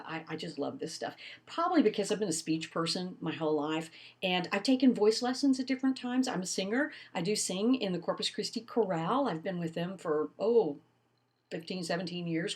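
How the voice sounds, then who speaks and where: An older woman giving a recorded college lecture, teaching in an expressive way with lively emphasis. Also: lowish voice. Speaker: college instructor.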